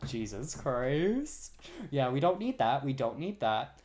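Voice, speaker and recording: A young woman with a low-pitched voice co-hosting a podcast. She chats casually, laughs easily, and breaks into gushing high-pitched bursts when she gets excited. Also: normal speed, slight background noise. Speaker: podcast co-host. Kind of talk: casual chat.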